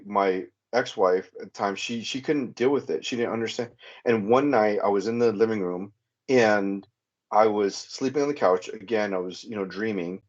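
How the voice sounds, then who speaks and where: A middle-aged man giving a hesitant, halting personal testimony as a caller on a podcast. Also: fairly low pitch. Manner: hesitant, halting, many restarts and fillers. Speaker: returning caller. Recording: muffled lo-fi sound.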